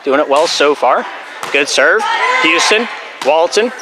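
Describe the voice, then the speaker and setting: Young man, volleyball commentator, high voice, jokey asides, slightly breathless, loud gym noise. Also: animated, a loud crowd. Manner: jokey, rambling asides between rapid play calls. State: a bit out of breath. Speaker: play-by-play announcer. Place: school gym.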